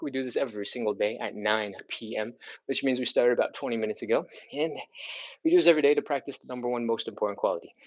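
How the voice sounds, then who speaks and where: Dude running a live stretch class, puffing a bit, upbeat, kinda dull lo-fi stream sound. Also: male voice, medium pitch. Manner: upbeat, encouraging, counts reps aloud. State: out of breath. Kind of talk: live workout instruction.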